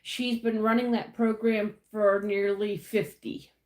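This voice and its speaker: An American woman hosts a casual livestream, greeting viewers by name and chatting about her week. Her mid-range voice has a flat delivery at a measured pace, and the audio is reverberant.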